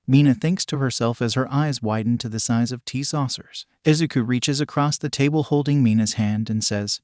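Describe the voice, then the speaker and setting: Steady male fan fiction narrator. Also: medium pitch, moderate pace, hardly any pauses, no room sound, studio quality.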